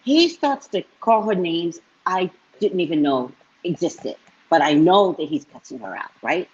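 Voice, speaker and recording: A woman psychic reader telling a story to her live-stream viewers in a casual, animated way, often tagging lines with "right?". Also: on the low side, measured pace, breathy edge. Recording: dull lo-fi stream audio.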